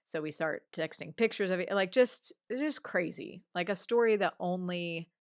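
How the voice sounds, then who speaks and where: A woman's voice: fairly low pitch, normal speed, smooth, dry recording, studio quality. A woman in her forties, a guest on an interview show, telling a personal story conversationally and acting out what others said. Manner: animated storyteller, acts out others' remarks.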